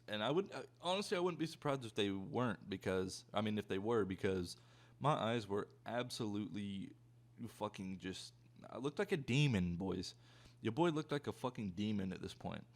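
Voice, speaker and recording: Gravelly young guy telling a story. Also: on the low side. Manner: profane, rambling, animated storytelling. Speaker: YouTuber. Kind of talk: casual storytime.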